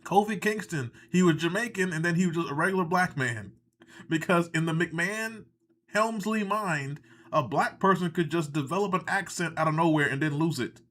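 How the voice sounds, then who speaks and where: A man's voice: fairly high pitch, moderate pace, fairly bright tone. A man hosting a live reaction stream, ranting in casual, sarcastic and profane commentary, audibly exasperated.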